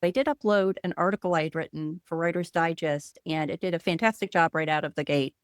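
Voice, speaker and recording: A woman with a lowish voice hosts a podcast interview and asks curious, friendly questions. The sound is dry and close. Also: fairly quick, no echo. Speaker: podcast host. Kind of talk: casual interview.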